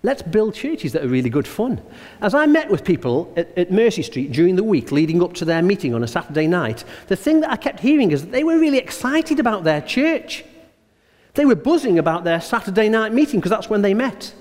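Guy preaching, emphatic storyteller, slows down for the punchlines, reverby hall. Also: high voice, very animated, a little mellow. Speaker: pastor. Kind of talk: sermon.

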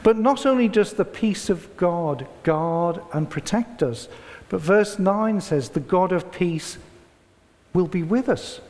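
A man preaching a sermon and reading a story aloud, slow and deliberate, with dramatic pauses. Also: high voice, lively intonation, a little mellow. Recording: long hall reverb.

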